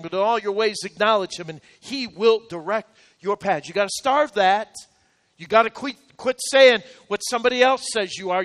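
Male pastor, high voice, echoing church hall, hammering sermon points. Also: a bit bright. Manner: emphatic, repetitive exhortation.

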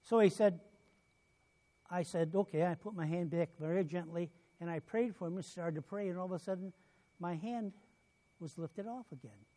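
Male preacher, high voice, storytelling sermon, loud bursts and soft asides. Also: normal speed. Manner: storytelling, acts out quoted voices, loud bursts then drops quiet.

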